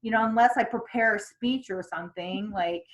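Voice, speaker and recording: A woman's voice: medium pitch, moderate pace, low-quality recording. A woman leading a casual sales training on a group call, chatty, with lots of fillers and restarts. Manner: chatty, many fillers and restarts, acts out quotes.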